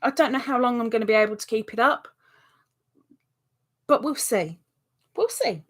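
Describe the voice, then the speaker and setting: A woman with a fairly high-pitched voice hosts a live stream at a moderate pace, casually chatting as she reads out viewer comments and responds. She's prone to excitable exclamations.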